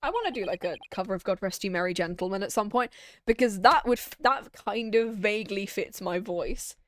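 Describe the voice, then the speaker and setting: A woman's voice: mid-range voice, animated, a little fast, a bit bright, slight background noise. A young woman streamer chatting casually while she plays a game, rambling, giggling and easily sidetracked. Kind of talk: casual let's-play chat.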